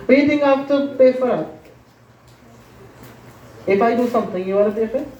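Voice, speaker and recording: A man's voice: very high voice, brisk, a little mellow, a little hiss or hum. A man voicing a wise male sage who questions a robber and tells him to chant a holy name. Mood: challenging. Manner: questioning, admonishing. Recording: distant, roomy, dull lo-fi.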